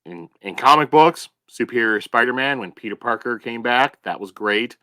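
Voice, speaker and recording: A man co-hosting a book podcast, talking with enthusiasm and excitement. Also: medium pitch, normal speed. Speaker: podcast co-host. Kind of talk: casual book discussion.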